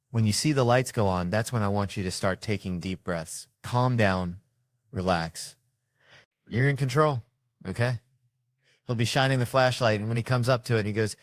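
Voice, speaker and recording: A man doing a stand-up comedy set, brash and loud, acting out the people in his stories. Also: lowish voice, no room sound.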